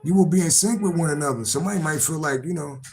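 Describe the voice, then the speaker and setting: A man's voice: fairly high pitch, very fast, a little mellow, rough recording. A man doing a casual live-stream tarot reading, rambling and repetitive, swearing freely and laughing to himself. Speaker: tarot reader.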